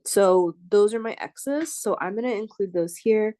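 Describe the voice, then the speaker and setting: Her voice mid-range and dark, a woman professor speaks a little slowly while writing algebra steps on a board and explaining them aloud. Every so often she checks in with her students. The audio has no room sound.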